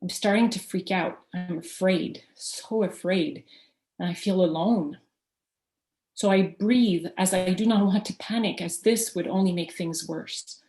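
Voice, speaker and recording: A woman's voice: on the low side, measured pace, a little mellow. A woman reading aloud from her own memoir in an earnest, reflective way. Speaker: guest speaker. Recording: roomy echo.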